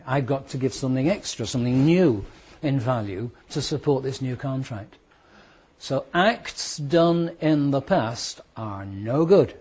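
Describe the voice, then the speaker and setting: A British man teaching a law class to students, explaining with worked examples and repeating key points, sometimes speeding up and sometimes slowing down for emphasis. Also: medium pitch, animated, darkish tone, husky. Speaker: law lecturer. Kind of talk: classroom lecture.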